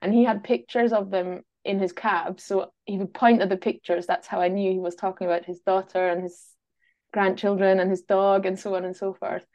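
A woman's voice: medium pitch, flat delivery, normal speed, a little mellow, lo-fi sound. A woman from Austria whose accent blends a Glasgow Scottish lilt with her own, chatting easily as a guest and laughing now and then. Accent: Austrian with a Glasgow Scottish overlay. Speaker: guest, travel writer. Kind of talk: casual interview chat.

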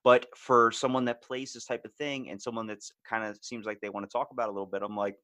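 A man hosting a podcast in casual chat, joking and crude, with animated delivery. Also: mid-range voice, fast talker. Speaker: podcast host.

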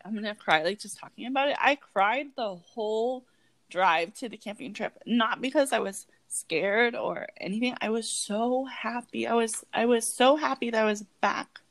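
A woman in her thirties speaks in a casual, heartfelt conversation. Her delivery is earnest and halting, full of restarts. The sound is dry and close, with no room around it. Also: a little high, dry recording. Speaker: podcast co-host.

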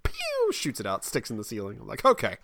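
A man in his thirties chats casually and comedically on a podcast, his voice fairly low, steady and quick, with vocal fry. He laughs a lot, stumbles through restarts, and slips into exasperated put-on voices.

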